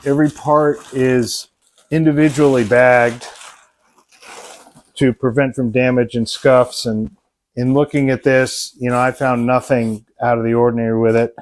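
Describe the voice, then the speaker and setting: A man's voice: medium pitch, level tone, measured pace. A man hosting a hobby vlog, narrating an unboxing in a casual, enthusiastic way with frequent ums and uhs. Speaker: RC model hobbyist and channel host.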